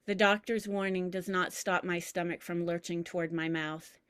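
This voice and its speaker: A woman reading aloud from her personal memoir, measured and reflective, with deliberate pauses. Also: on the low side, steady tone, a bit bright, clean tone, no echo. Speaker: memoir reader.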